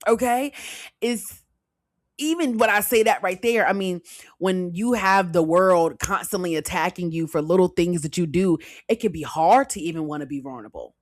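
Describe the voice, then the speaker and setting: A woman's voice: on the low side, moderate pace, no echo. Chatty young woman podcaster, dry sound. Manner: chatty, addresses listeners as girl, child, honey. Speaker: podcast host. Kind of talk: casual storytime podcast talk.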